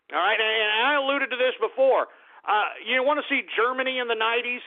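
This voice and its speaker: A man hosting a talk radio show, ranting angrily and profanely and asking "all right?" over and over. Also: high-pitched. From United States. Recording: tinny phone-like radio audio.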